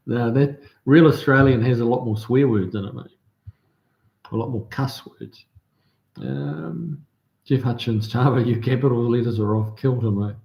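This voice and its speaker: A man's voice: mid-range voice, unhurried, creaky, pauses often, darkish tone. A man with a New Zealand accent hosting a livestream, chatting casually and reading out viewer comments with lots of ums and restarts. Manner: laid-back, many ums and restarts. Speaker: livestream host. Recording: roomy echo.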